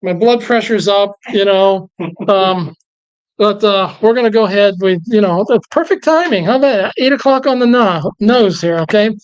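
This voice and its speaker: A man teaches a church Bible class in a loose, conversational style. He gets animated and worked up as he goes, often breaking off and restarting his sentences. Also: high voice, normal speed, clear, resonant tone, dull audio. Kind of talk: casual church Bible lesson.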